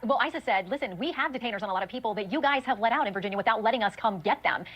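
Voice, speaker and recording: A woman TV news anchor, answering in a brisk, informative way during a television interview. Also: fairly high pitch, fairly bright tone, lo-fi sound.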